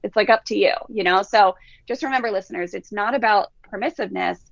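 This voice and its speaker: A woman's voice: medium pitch, quick pace, creaky, no room sound, dull audio. A woman parenting coach telling stories on a podcast, acting out children's voices as she goes. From Southern California. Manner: animated storyteller who acts out kids' voices. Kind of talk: podcast conversation.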